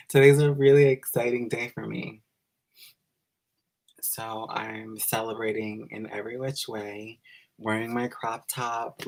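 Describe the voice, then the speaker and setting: A man's voice: mid-range voice, gravelly. Gushing, giggly man on a live stream. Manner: gushing and giggly, greets viewers by name. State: emotional, close to tears. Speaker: YouTuber hosting a live stream. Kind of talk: live-stream chat with viewers.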